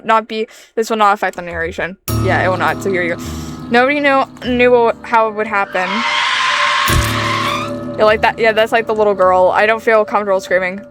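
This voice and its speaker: A woman streamer chatting casually and reading game narration, giggly and rambling. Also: medium pitch.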